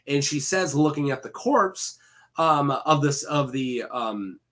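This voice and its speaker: A man's voice: on the high side, lively intonation, slow, fairly bright tone. A man casually retelling fantasy lore for a video, rambling with many fillers and self-corrections and throwing in jokey asides to the viewer.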